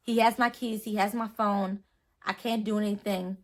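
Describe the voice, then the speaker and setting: A woman's voice: medium pitch, fairly even intonation, moderate pace. A young woman vlogger telling a personal story in a rambling, earnest way, full of fillers and restarts. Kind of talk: storytime vlog.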